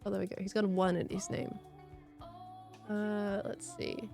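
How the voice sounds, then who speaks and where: A young woman talks casually into a desk mic during a livestream, her voice strained and slightly congested from overuse. She rambles warmly from one story to the next, at an ordinary middle pitch. Soft music plays faintly underneath. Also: lively intonation, normal speed, creaky. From Australia. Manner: chatty, rambling, thanks viewers between stories. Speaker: streamer.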